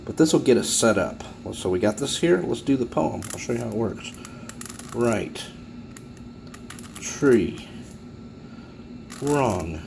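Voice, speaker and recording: A man hosting a casual puzzle tutorial, chatty and animated as he builds a little story to help viewers remember the moves. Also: medium pitch, fast, gravelly, hardly any pauses, slight background noise.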